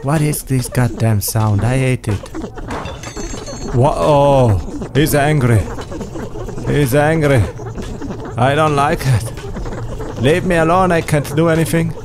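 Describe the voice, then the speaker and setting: Brief: man doing let's play commentary, slow-spoken and jumpy, faint music underneath. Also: mid-range voice. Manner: jumpy, exclaiming, swearing reactions. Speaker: game player.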